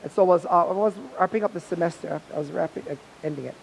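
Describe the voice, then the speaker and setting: A man's voice: high voice, very fast, gravelly, a little hiss or hum, rough recording. A Hawaiian man who teaches hula, telling a story in an interview and acting out the remembered dialogue with animation.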